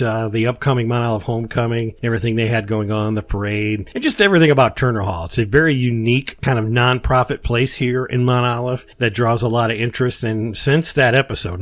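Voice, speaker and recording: Animated storytelling man, dry close sound. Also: mid-range voice, dry recording. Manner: animated storyteller, acts out quotes. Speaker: podcast host. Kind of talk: casual storytelling chat.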